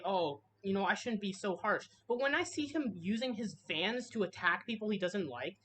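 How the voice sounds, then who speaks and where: A woman's voice: mid-range voice, a bit bright, a little hiss or hum. Heated woman ranting in commentary. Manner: harsh, heated, swears freely, frequent restarts. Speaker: commentary video creator.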